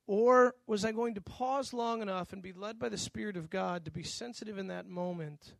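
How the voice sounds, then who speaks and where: High-voiced man telling a sermon story. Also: normal speed, vocal fry, no room sound. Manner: animated storytelling, acting out voices. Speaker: pastor.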